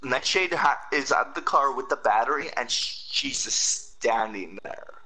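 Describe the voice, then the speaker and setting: A young man talking casually while playing a video game, animated and quick to laugh and complain. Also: mid-range voice, faint music behind, rough recording. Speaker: gamer. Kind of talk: casual gameplay chat.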